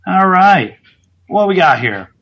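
A man hosting a casual podcast, his husky voice recorded a little dull. He rambles through his stories with restarts and pokes fun at himself. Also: high-pitched, sing-song, slow pace. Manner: rambling, self-deprecating, frequent restarts. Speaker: podcast host, pro wrestler. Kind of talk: casual chat.

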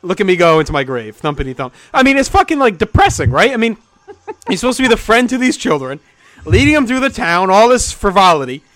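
A man's voice: high voice, very animated, fast, fairly bright tone, no room sound. A man co-hosting a casual comedy podcast, ranting and swearing with jokey outrage. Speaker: podcast co-host.

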